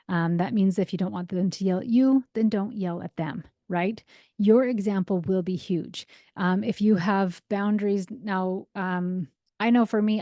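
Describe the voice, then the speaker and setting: A woman's voice: medium pitch, dark tone, no echo, studio quality. A woman in her thirties hosting a parenting podcast, talking casually and often checking in with "right?" and "um". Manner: conversational, frequent "right?" and "um". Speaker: parenting coach and podcast host. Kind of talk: casual solo podcast talk.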